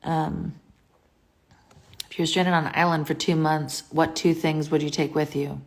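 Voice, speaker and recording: A woman with a low voice and a gravelly edge talks into her phone from home. She runs a casual livestream Q&A, reading viewer comments aloud and answering each one in a chatty, scattered way. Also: little pitch movement, normal speed.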